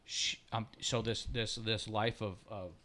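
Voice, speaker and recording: A lowish-voiced man, cohosting a casual podcast. He tells long, rambling family stories full of swearing. He gets loud and laughing at the funny parts and drops low and quiet when he turns reflective. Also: fairly even intonation, measured pace. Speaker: podcast co-host. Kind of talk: casual storytelling chat.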